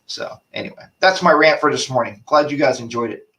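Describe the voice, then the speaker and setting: A man's voice: mid-range voice, brisk, vocal fry, fairly bright tone, distant mic. A man hosting a casual live-stream chat, rambling and ranting while reading viewer comments aloud. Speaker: host of a motorcycle chat show.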